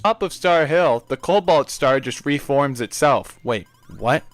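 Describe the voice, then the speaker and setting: A man's voice: mid-range voice, expressive, measured pace, no room sound. A young man narrating his gameplay in a casual, opinionated way, with crude offhand jokes.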